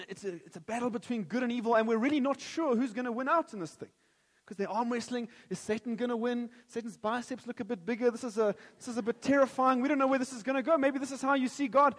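A man delivers a sermon in a church. His voice is high and ringing, with long reverb trailing off the hall walls. He mixes light jokes with earnest prayer. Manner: jokey and animated at first, then earnest and prayerful. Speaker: preacher.

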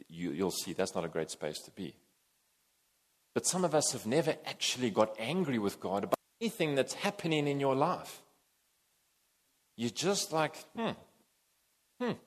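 A man preaching a sermon, animated and emphatic, swinging between loud and soft. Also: medium pitch. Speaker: pastor.

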